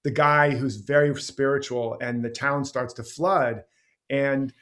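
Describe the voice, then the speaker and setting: A man's voice: medium pitch, fairly even intonation, unhurried, fairly bright tone. A man being interviewed as a guest teacher, talking passionately and rambling through stories and examples. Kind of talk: conversational interview.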